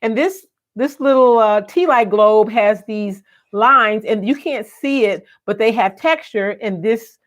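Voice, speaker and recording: A woman's voice: a little high, a little slow, hardly any pauses. A woman hosting a home decor video, chatting playfully and expressively as she demonstrates. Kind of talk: casual live demo.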